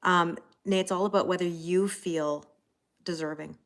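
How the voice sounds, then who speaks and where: A woman's voice: on the low side, fairly even intonation, moderate pace, fairly bright tone. A woman in her forties, a tarot reader hosting a livestream, chatting casually with viewers and telling rambling stories full of fillers. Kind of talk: casual chat greeting live viewers.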